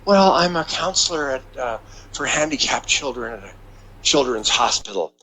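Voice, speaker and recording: A man voicing a timid, soft-spoken woman counselor who hesitates and halts through her words. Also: medium pitch, expressive, low-quality recording. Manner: hesitant, halting, full of fillers.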